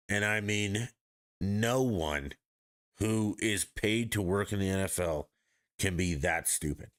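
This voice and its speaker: A man's voice: on the low side, a bit bright. A man hosting a podcast, ranting bluntly and profanely in casual sports talk. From Denver area, United States. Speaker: podcast host.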